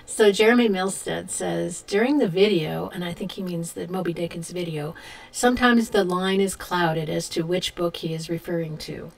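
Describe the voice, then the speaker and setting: A woman's voice: on the low side, moderate pace, creaky. A woman co-hosting a casual live chat, reading viewer comments aloud in a light, easygoing way. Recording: voice distant from the mic.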